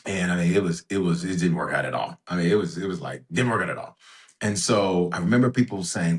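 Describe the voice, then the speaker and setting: A deep-voiced man speaks as a podcast guest, telling stories with real emphasis. He repeats phrases to drive his points home, and his voice jumps up in pitch when he stresses something. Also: expressive, fast talker. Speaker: bishop and guest. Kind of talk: conversational storytelling.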